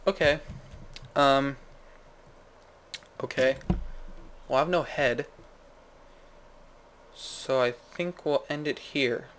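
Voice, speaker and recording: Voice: medium pitch, slow, long pauses, fairly bright tone, slight background noise. A gaming video host giving goofy, rambling let's-play commentary, saying "like" a lot and jumping to sudden yelps. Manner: jumps to yelps and squeals.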